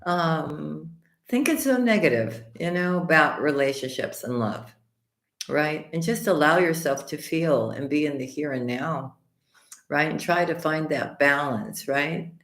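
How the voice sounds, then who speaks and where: A woman hosting a live tarot stream, greeting viewers by name and calling them sweetheart and honey, her voice slightly hoarse with the odd cough. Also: low voice, a little slow, fairly bright tone. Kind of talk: casual live-stream chat and tarot reading. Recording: echoey room.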